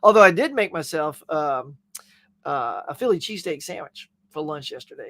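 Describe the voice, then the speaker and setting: A man's voice: fairly high pitch, moderate pace, dry recording. A man hosting a casual live stream, chatting and joking as he reads viewer comments. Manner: chatty, jokey, animated. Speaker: host.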